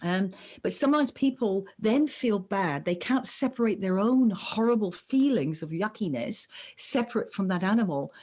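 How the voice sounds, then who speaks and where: A woman's voice: mid-range voice, normal speed, hardly any pauses. A middle-aged woman, a psychologist, explaining ideas in a conversational podcast interview and acting out the voices she quotes. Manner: animated, acts out quoted voices. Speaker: psychologist guest.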